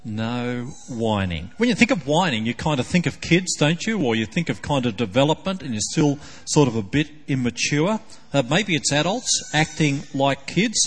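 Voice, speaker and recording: A male pastor delivers his sermon with a mid-pitched, ordinary voice, poking gentle fun at his listeners with one rhetorical question after another. His words ring out with the long reverb of a church hall. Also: sing-song, moderate pace. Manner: playful, full of teasing rhetorical questions.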